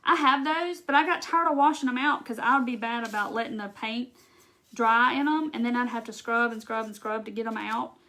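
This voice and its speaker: A woman's voice: on the high side, a little fast, sharp tone. A woman from Mississippi with a Southern accent, chatting casually through a live craft demo and answering viewer comments. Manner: chatty, reads viewer comments aloud, says y'all. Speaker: craft livestream host.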